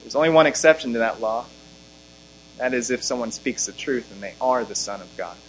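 A man's voice: animated, slight background noise, poor audio. A man preaching an expository sermon, reading scripture aloud and pressing his points with rising force. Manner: emphatic, rising in pitch and volume on key lines, slowing to stress scripture.

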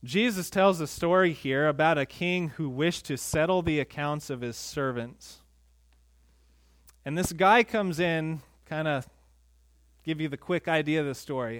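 Male pastor, conversational earnest sermon, voice a touch high, recorded dry. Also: fairly bright tone, no room sound. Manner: conversational preaching, earnest, with quick asides.

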